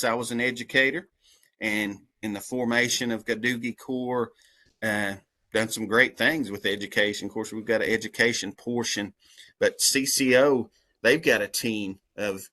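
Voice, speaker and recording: Medium in pitch and sharp in tone, this man speaks with a rural American accent as the head of a community service corps. He gives an earnest, folksy, passionate talk about his service work, restarting often, and then takes questions on a video call.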